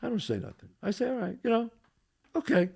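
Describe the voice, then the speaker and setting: Speaking briskly in an extremely high-pitched, gravelly, slightly rough voice, a man hosting a podcast tells a story in casual conversation. He animates it by acting out people's quotes.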